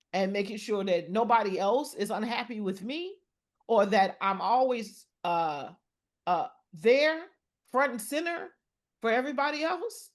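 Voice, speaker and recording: A middle-aged woman, a podcast guest, speaking earnestly in a personal conversation about mental health, often pausing and restarting her sentences. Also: on the high side.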